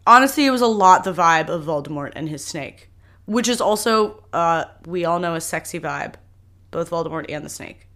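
A young woman hosting a solo podcast, talking candidly and animatedly, her voice swinging between loud bursts and soft asides. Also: lowish voice, lively intonation, normal speed. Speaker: podcast host.

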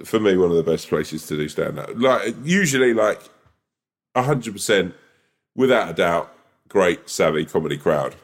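Low-voiced man telling a story. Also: moderate pace. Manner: animated storytelling, lots of "like" fillers. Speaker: podcast co-host; stand-up comedian. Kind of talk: casual chat.

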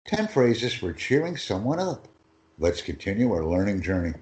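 A man teaching English phrases in a lesson, reading each phrase slowly and with emphasis for his student to repeat. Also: on the low side, big pitch swings, a little mellow. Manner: slow and emphatic, phrases stressed one by one.

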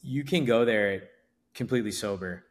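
A man with a fairly low voice talks loosely on a podcast. He rambles, restarts his sentences and leans on fillers, easygoing throughout. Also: normal speed. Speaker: event promoter guest. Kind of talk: casual podcast interview.

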